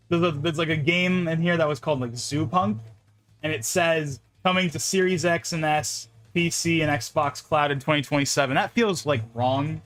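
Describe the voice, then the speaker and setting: A man's voice: fairly high pitch, normal speed, a bit bright, soft background music. A young man chatting casually on a live stream while playing a game, rambling, laughing often and repeating words.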